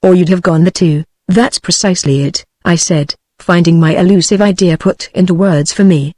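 A text-to-speech woman's voice with a British English accent, reading a classic story aloud in an even synthetic delivery. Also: lowish voice, normal speed, no echo. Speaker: narrator.

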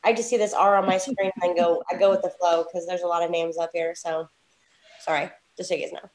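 A woman's voice: lowish voice, little pitch movement, fast talker, darkish tone. A woman running a live online trading class on a video call, chatty and laughing, with apologetic asides. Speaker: trading coach. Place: home, at night. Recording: roomy echo.

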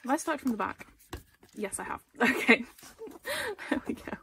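A woman's voice: on the high side, expressive, fast talker, creaky, slight background noise. A young woman chatting casually through an album unboxing, gushing, with small gasps between items.

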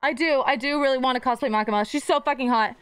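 A woman's voice: sits high, quick pace, clear, resonant tone. A woman streamer chatting casually with her live audience, bubbly and giggly and swearing freely.

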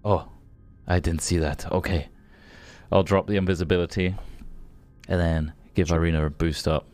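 A man at a tabletop game speaks in character in his own low voice, cautious and urgent as he plans the next move. Faint music plays underneath. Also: fairly even intonation, moderate pace, darkish tone. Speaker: player.

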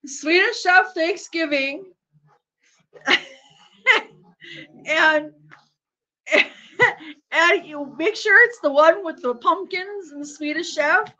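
A woman's voice: extremely high pitch, slow, pauses often, bright, forceful tone. A woman hosting a live stream, chatting casually and rambling, laughing often and swearing freely. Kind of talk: casual chat while watching a game. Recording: dull lo-fi sound.

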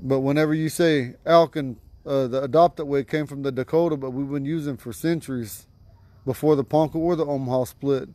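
Man slowly teaching words, dry sound. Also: mid-range voice, fairly even intonation, warm tone, no room sound. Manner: patient, repeats words slowly. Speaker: language teacher. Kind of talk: teaching vocabulary to a class. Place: outdoors at home.

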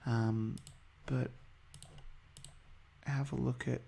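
Gravelly, mellow man commentating a game. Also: medium pitch, flat delivery, extremely slow, slight background noise. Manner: chatty, hesitant, many ums. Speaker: gaming video host. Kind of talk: casual gameplay commentary.

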